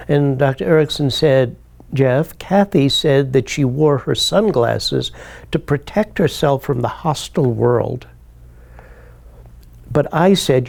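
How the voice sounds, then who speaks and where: A therapist, a man, recalls a case from his training in a reflective, measured storytelling manner with small restarts. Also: medium pitch, gravelly, darkish tone. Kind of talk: spoken anecdote.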